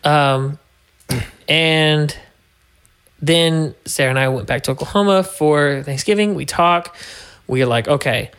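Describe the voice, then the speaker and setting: A man's voice: on the high side, slow pace, pauses often, fairly bright tone, clean tone. Laughing man telling a story. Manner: laughing often while recounting, puts on voices for others. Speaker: podcast guest. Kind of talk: casual interview storytelling.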